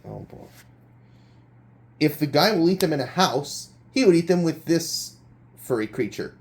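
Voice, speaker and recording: A man's voice: on the high side, expressive, measured pace. A man hosting a homemade quiz show role-play, reading clues with hesitant hums and restarts. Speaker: game show host.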